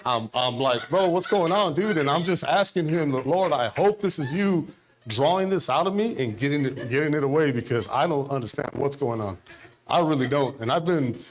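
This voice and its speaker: A middle-aged man giving an informal sermon at a church service, rambling and conversational, telling stories with quoted dialogue. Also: on the high side. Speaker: lay preacher.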